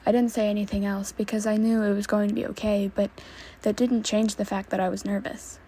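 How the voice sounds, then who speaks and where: Husky woman reading fanfiction. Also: medium pitch, flat delivery, a little fast, mellow. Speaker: fanfiction reader.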